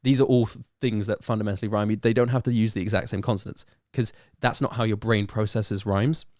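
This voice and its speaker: A man's voice: fairly low pitch, fairly even intonation, fairly quick, darkish tone, no echo, clean studio sound. A British man, a guest rapper in a casual podcast chat, who explains things step by step and thinks aloud with hesitant fillers. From United Kingdom.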